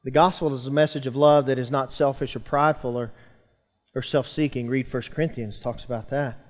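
A man's voice: medium pitch, fairly even intonation, a little fast, long reverb tail. A man preaching a sermon to a church congregation, building emphasis and calling out to the listeners. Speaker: pastor. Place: church sanctuary.

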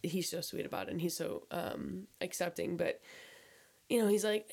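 A woman's voice: lowish voice, steady tone, normal speed, gravelly, a little mellow. Chatty woman full of "like"s. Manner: says "like" a lot, swears freely. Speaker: podcast host and producer. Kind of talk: casual podcast chat.

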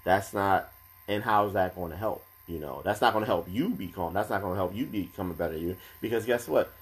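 Deep-voiced calm man giving advice. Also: brisk. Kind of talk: casual chat.

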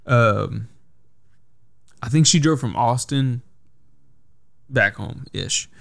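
A young male podcast host chats casually, spinning a long, rambling anecdote in a mid-range voice with vocal fry and a fairly bright tone. He takes it slowly, leans constantly on "like," and swears freely.

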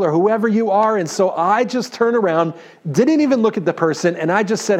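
A man in his thirties with a New York accent, preaching a sermon and telling a story in an animated way, often checking in with the congregation. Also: sits high, moderate pace. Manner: animated, talks to the audience with "right?". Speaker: pastor.

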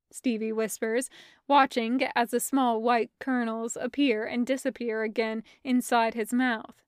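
A woman reading a fan fiction story aloud in an even, measured narration. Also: a little high, smooth, no echo, studio quality. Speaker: fan fiction audiobook reader.

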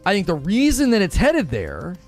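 Soft music runs under a man's slightly high voice, which moves through huge pitch swings as he hosts a relaxed livestream. He thinks aloud loosely, drifts into quick asides, and reads comments from chat.

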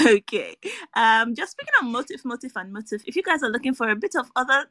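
A woman's voice: fairly high pitch, very animated, bright, forceful tone. Giggly woman hosting a film chat. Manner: laughs a lot, teasing and quick. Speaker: podcast host. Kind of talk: casual panel chat.

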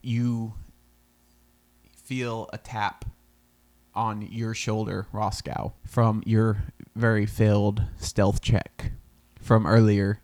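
A man narrating as game master in a tabletop game, relaxed and quick to laugh. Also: lowish voice. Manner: relaxed, laughs often, easygoing.

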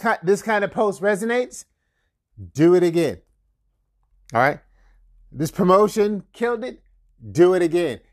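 High-voiced energetic marketing podcast host. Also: male voice. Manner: energetic, repeats catchphrases, chuckles often. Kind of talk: casual motivational talk.

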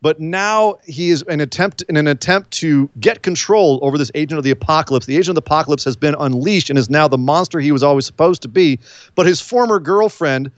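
A man co-hosting a casual wrestling recap chat, telling the story with lively quoted voices. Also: on the high side, quick pace, dry recording, dull audio. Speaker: podcast co-host.

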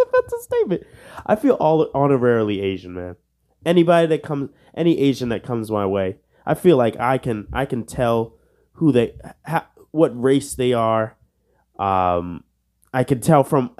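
Young man, podcast host, casual banter, joking, warm mellow tone. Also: mid-range voice. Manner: joking, self-mocking, breaks into laughs; swears under his breath at quiz answers.

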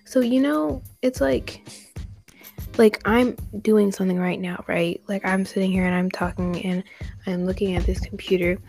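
Young woman, american accent, mid-pitched voice, chatty and teasing, faint music behind. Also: steady tone, moderate pace, gravelly, a little mellow. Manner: chatty, filler-heavy, teasing. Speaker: host. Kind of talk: casual chat.

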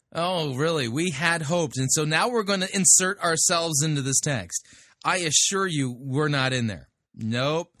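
A man's voice: on the high side, measured pace, bright, forceful tone, no room sound, clean studio sound. A man hosting a show, giving blunt, sarcastic commentary on a sermon. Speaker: podcast host critiquing sermons. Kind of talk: casual commentary.

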